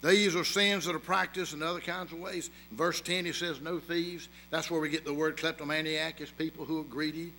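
Male pastor, sermon, gravelly, higher voice, emphatic, repetitive, slight hum. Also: flat delivery, fairly quick, hardly any pauses, sharp tone, faint music behind, poor audio. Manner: rhetorical questions, emphatic repetition, storytelling.

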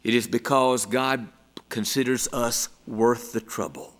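A man preaching a sermon, emphatic and dramatic, moving from loud exclamations down to hushed near-whispers. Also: mid-range voice, fairly even intonation, measured pace.

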